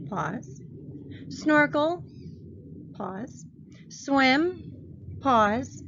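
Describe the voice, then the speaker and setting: Woman teacher, remote lesson for young kids, unhurried and encouraging, muffled home recording. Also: a little high, a little hiss or hum. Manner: slow, patient, encouraging. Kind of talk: remote grammar lesson for children. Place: outdoors. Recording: dull lo-fi sound.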